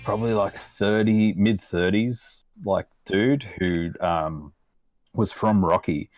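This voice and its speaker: Laughing Australian bloke telling a story. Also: male voice, fairly low pitch, takes it slowly, darkish tone, no room sound, faint music behind. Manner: laughing, swears constantly, loose rambling delivery. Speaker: podcast co-host. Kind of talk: casual storytelling chat. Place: podcast recording room.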